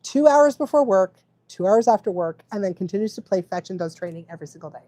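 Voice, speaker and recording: A woman's voice: medium pitch, lively intonation, fast talker, warm tone, no echo. A woman dog trainer giving casual live advice, chatty, often laughing and checking in with the listener.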